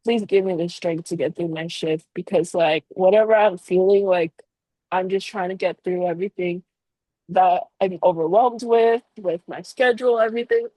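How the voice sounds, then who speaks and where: A woman's voice: lowish voice, steady tone, normal speed, warm tone, no room sound, poor audio. Heartfelt young woman telling a story. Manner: emotional, heartfelt, lots of "like" fillers. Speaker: baker and business owner, podcast guest. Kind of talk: casual podcast storytelling.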